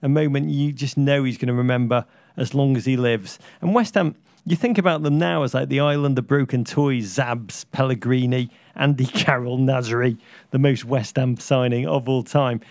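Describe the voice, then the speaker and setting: A man's voice: mid-range voice, fairly even intonation, moderate pace, a little mellow, no echo, clean studio sound. A man co-hosting a football podcast, riffing wryly with comic asides in casual chat. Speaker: podcast co-host.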